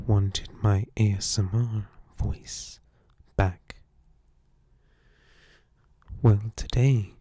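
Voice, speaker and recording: A man voicing a snarky male character in a whispered role-play, with a soft breathy whisper and deadpan, mock-soothing insults. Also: fairly low pitch, a little hiss or hum.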